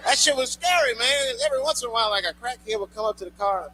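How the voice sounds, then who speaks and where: A man doing stand-up in a live club, his voice pitched high and leaping all over the place. He tells a loose, profane story and shouts his punchlines. The recording carries plenty of noise from the room. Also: expressive, fast, rough recording. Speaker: stand-up comedian. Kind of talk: stand-up comedy routine. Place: comedy club stage before a live audience.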